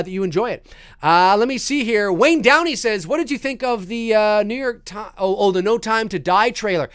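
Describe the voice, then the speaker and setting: A man with a fairly high voice hosts a loose, casual live chat and reads viewers' questions aloud. He rambles, trips over his words and circles back on himself. The sound is dry and close, recorded in a home studio. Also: fairly bright tone, clear, resonant tone, dry recording. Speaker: live stream host answering viewer questions; voice actor.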